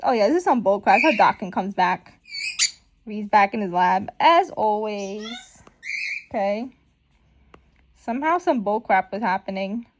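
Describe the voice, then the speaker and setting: A woman giving slangy, animated commentary while reading a comic aloud, on a noisy recording. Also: medium pitch, a little slow, pauses often, highs cut off. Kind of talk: casual comic read-along commentary.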